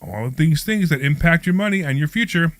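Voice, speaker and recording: A man's voice: on the high side, animated, brisk, a bit bright, dry recording. Upbeat male radio show host. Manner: upbeat scripted intro, then loose banter. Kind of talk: live radio talk show. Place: studio at a training office.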